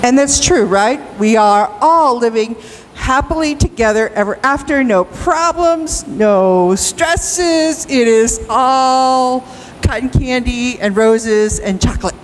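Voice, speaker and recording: A woman pastor preaching a sermon in a church, slow and emphatic, rising into cries at times. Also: on the high side, slight background noise, rough recording. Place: church sanctuary.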